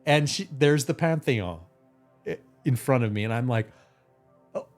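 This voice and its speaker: A man hosts a live tarot reading stream, chatting casually, telling stories and chuckling often in an animated, relaxed way. He speaks in a mid-range voice at a moderate pace, with faint music behind him.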